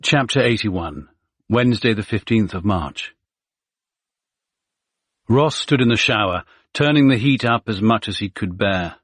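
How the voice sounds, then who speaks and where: A man reads a suspense thriller aloud in a steady, measured manner. His voice is husky and sits fairly low. The recording is dry and close, with no room sound. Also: no room sound. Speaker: audiobook narrator. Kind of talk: scripted thriller narration.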